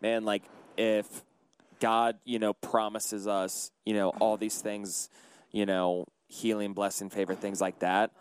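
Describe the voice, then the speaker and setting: Low smooth-voiced young man chatting. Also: flat delivery, slow. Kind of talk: casual podcast chat.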